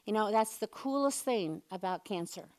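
A woman giving a lively, playful sermon, chatting with the congregation and leading them in call-and-response. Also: mid-range voice, normal speed. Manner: playful, chatty, uses props and leads the room. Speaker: church speaker.

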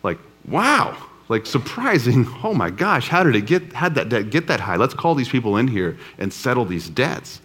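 A man's voice: fairly low pitch, very animated, quick pace, long pauses. A man voicing an exasperated ancient king who talks in casual modern slang, exclaiming over debts. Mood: astonished.

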